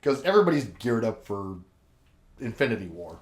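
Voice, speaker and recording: A man's voice: fairly low pitch, sing-song, moderate pace, roomy sound. A man co-hosting a casual podcast chat, gushy and emotional, who swears freely. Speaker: podcast co-host.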